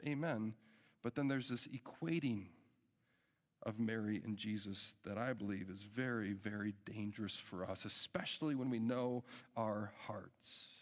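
A middle-aged man, a pastor, preaching a sermon in an earnest, emphatic way that builds with urgency. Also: medium pitch. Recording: long hall reverb.

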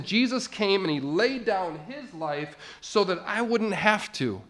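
Preaching man, rising to loud emphasis. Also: high-pitched, lively intonation, measured pace, few pauses. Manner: builds to loud, emphatic peaks. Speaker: pastor. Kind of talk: sermon.

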